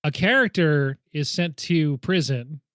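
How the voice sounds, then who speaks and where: A man's voice: fairly high pitch, measured pace, a bit bright, no room sound, clean studio sound. A man co-hosting a movie podcast, chatting casually and hedging his guesses with self-deprecating laughs. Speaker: podcast co-host.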